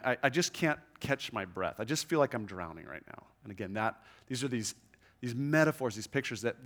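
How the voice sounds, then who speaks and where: A man preaching a sermon in a church room, earnest and conversational, often restarting and checking in with "right?", slowing down and softening when he reads scripture. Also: medium pitch. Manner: reads scripture slowly and softly. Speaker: pastor.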